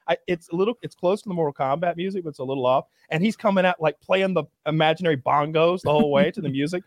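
A young man chatting casually, telling excited stories, swearing and acting out crowd cheers. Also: on the high side, fast talker, no room sound, studio quality. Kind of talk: casual chat.

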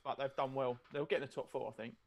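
A man's voice: mid-range voice, little pitch movement, fast, a loud crowd. A man doing a jokey, teasing football chat on a podcast. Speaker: podcast co-host.

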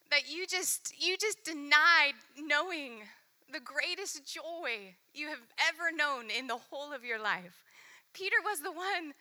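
A woman preaching a sermon, earnest and intimate, softening to near-whispers while reading scripture aloud. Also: high voice.

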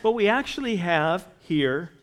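A man's voice: sits high, big pitch swings, measured pace. A man preaching a sermon in a conversational way, growing emphatic as he reads and explains scripture. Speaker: pastor.

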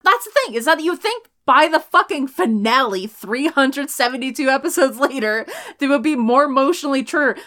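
A woman's voice: high-pitched, animated, a little fast, few pauses, fairly bright tone. A woman co-hosting a casual podcast, talking animatedly about a TV show, swearing often and laughing a lot.

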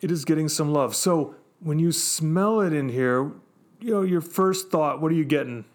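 A man's voice: fairly high pitch, moderate pace. A man co-hosting a podcast, chatting casually with eager, upbeat reactions. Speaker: podcast co-host. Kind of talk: casual tasting chat.

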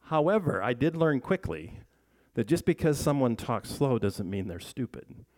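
Male pastor, mid-pitched voice, chatty teaching sermon, peppers it with questions to the congregation. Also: big pitch swings, normal speed, darkish tone. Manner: chatty, asks the congregation questions, frequent restarts. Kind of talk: conversational sermon.

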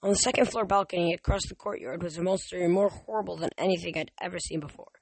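A man's voice: high voice, fast, gravelly, slightly rough, no echo. A man reading a novel aloud as an amateur audiobook, often stumbling and restarting words. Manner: reads with frequent stumbles and restarts. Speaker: reader.

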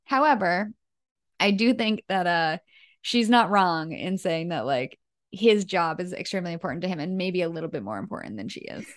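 A woman's voice: fairly low pitch, lively intonation, moderate pace. A woman co-hosting a podcast in casual chat, talking with frequent laughs and fillers. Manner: chatty, laughs often, many fillers. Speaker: podcast co-host.

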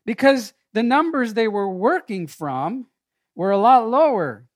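A man's voice: high-pitched, animated, measured pace, no echo. A male pastor preaching a sermon in a church, conversational and storytelling, with direct questions to the congregation.

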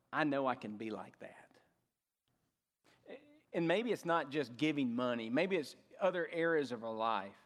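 A man's voice: on the high side, big-room sound. A male pastor preaching a sermon, rising and dropping his voice for emphasis.

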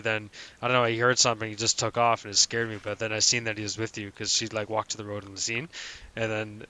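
Bright-voiced man telling stories casually. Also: medium pitch, fast talker. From Canada. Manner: animated storyteller, acts out voices in anecdotes. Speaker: podcast host. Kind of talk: casual chat among friends.

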